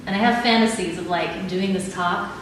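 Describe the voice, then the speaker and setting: A woman's voice: mid-range voice, moderate pace. Woman guiding an audience in an echoey hall. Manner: calm, instructive, laughs easily. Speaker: speaker leading an audience exercise. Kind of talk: live talk with guided exercises. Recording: echoey hall, mic at a distance, audible background noise.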